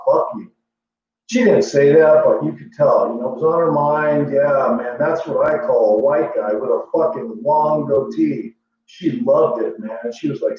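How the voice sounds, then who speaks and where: A livestream host with a mellow, mid-range voice rambles through a boastful, profane, meandering, casual monologue. The recording is lo-fi and echoey, picked up from far off in a room with a faint hum.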